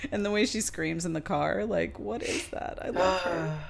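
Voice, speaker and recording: Animated woman podcast co-host. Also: mid-range voice, creaky. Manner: animated, laughs often, swearing enthusiasm. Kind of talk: casual chat.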